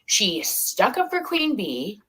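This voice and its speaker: Woman, livestream rant, confrontational, repetitive, animated intonation, unhurried. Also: mid-range voice. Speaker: livestreamer in a played clip. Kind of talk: ranting livestream call-out.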